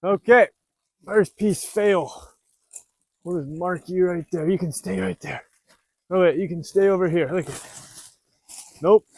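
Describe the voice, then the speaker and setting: A man from the US Northwest, a homesteader, talking loudly and rambling with self-deprecating humor while he works outside in the snow. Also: sits high, gravelly, husky. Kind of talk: casual vlog narration while working. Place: outdoors in the snow at a dog pen.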